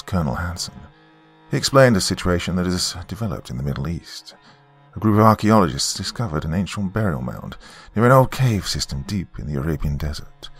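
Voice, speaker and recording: A man voicing a calm, posh British mission handler with a posh British accent, briefing in a measured way. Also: low-pitched, breathy edge, full character voice.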